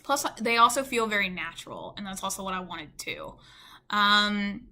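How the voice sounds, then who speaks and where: Chatty Southern woman, bright voice. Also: mid-range voice, very animated, moderate pace. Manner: chatty, full of "like" and "you know". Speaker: beauty vlogger. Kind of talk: casual storytime chat to camera.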